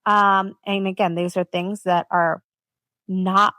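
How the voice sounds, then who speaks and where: A woman's voice: medium pitch, little pitch movement, takes it slowly, sharp tone, no room sound. A woman hosting her own podcast, talking earnestly and emphatically in a rambling solo monologue with lots of fillers. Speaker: podcast host.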